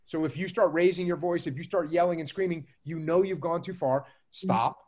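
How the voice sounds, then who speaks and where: A man answering interview questions about leadership in a measured, emphatic way, often repeating key phrases. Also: fairly high pitch, darkish tone. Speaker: guest speaker on leadership.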